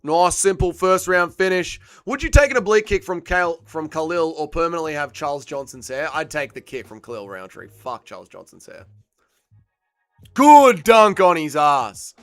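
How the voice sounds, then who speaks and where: A man hosts a live fight watch-along stream, reacting loudly and chatting with viewers. His voice is bright and clear, on the higher side, and swings in pitch. The sound is dry and close, with faint music under it. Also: brisk, few pauses, dry recording. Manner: excitable, banters with chat, swears freely. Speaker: livestream host.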